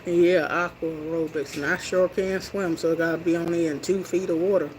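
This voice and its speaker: A middle-aged woman vlogger chats casually with her viewers while walking slowly as she exercises indoors on a hardwood floor. Her fairly low, darkish voice holds a steady tone. She sits away from the camera, so the room sounds roomy, distant and clearly noisy.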